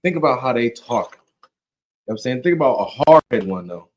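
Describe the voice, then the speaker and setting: A man's voice: mid-range voice, expressive, brisk, low-quality recording. A man teaching scripture in a loose, joking, conversational way, often checking in with "you know what I'm saying". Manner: slangy and joking. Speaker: Bible study teacher.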